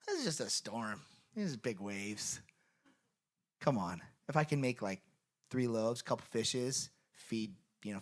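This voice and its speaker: A man's voice: on the high side, bright, forceful tone. A man playing a sarcastic grown man who teases his friends in a mock-exasperated, joking way.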